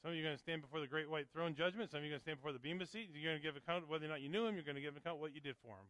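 A male pastor preaching a sermon with fervent, rising emphasis, then slipping into a quiet prayer. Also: a little high, racing, few pauses, no room sound, low-quality recording.

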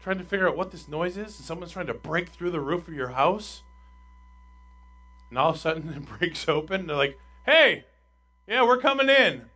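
A male pastor delivers a sermon in a bright, forceful voice that sits a little high. He drives points home with rhetorical questions, rising loud on key lines and dropping quiet on others. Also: fairly quick, breathy edge. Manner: emphatic, swings between loud and quiet; asks the congregation rhetorical questions.

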